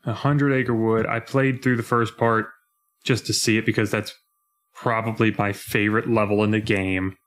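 Young male podcast co-host, slightly low voice, lively, casual chat with quick mock voices. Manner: animated, breaks into mock voices when retelling scenes.

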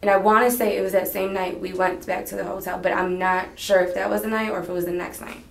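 A young woman in a police interview room rambles hesitantly through her account. Her voice sits at an ordinary middle pitch. The archival recording carries a noticeable echo from the room. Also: flat delivery, fast talker, gravelly. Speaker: witness being questioned.

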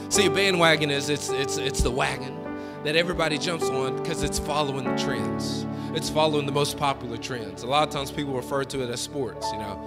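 A man preaching a sermon as pastor, with folksy, colloquial phrasing and call-and-response lines that build to fervent shouting. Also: fairly high pitch, moderate pace, big-room sound, over loud music. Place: church sanctuary.

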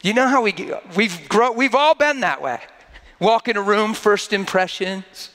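A man's voice: high voice, animated, unhurried, a bit bright, big-room sound. A man preaching a sermon in a conversational way that builds to fervent emphasis, now and then acting out mocking quoted voices.

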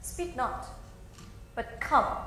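A woman's voice: drawn-out words, sharp tone, a little hiss or hum. A woman voicing a commanding young god. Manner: firm, commanding. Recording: very echoey hall.

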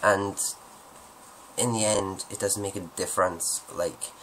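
A man's voice: deep voice, steady tone, slow pace, a bit bright, a little hiss or hum, rough recording. A man answering viewer questions at home in a rambling, joking, self-deprecating way. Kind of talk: casual Q&A monologue.

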